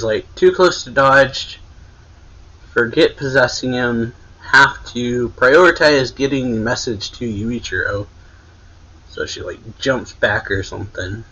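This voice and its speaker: A man's voice: medium pitch, bright, forceful tone, husky, highs cut off. A man casually recapping a manga chapter as a reviewer, in a loose, rambling way with lots of fillers.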